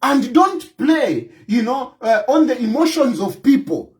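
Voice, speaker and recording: A man's voice: very high voice, very animated, unhurried, a little mellow, poor audio. A man with a Zambian accent, delivering impassioned political commentary in a scolding, combative tone and repeating his points for emphasis. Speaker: opposition party president.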